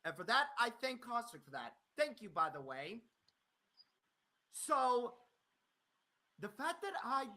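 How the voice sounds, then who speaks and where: A man's voice: extremely high pitch, very animated, slow pace, long pauses, sharp tone. Furious, cursing male streamer. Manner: angry, profane, repeating himself. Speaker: streamer confronting a critic. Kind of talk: heated live-stream rant.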